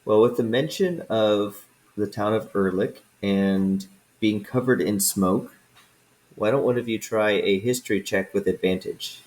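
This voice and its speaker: A man narrating calmly and descriptively as game master of a tabletop game. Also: on the low side, measured pace, rough recording.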